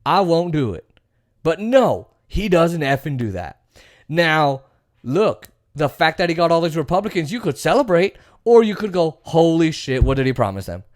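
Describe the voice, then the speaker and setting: A man's voice: a little high, animated, normal speed, no room sound, clean studio sound. A man hosting a political commentary show, ranting bluntly and profanely with many fillers. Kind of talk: casual political rant.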